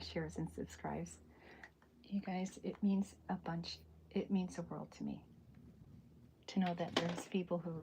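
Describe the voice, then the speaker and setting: A woman talks in a hushed, half-whispered ASMR manner, low in pitch with a gravelly edge. Her tone is dark and mellow. She rambles gently and often corrects herself mid-sentence. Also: slight background noise. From American South. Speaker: cartoonist streaming live. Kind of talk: soft-spoken ASMR livestream.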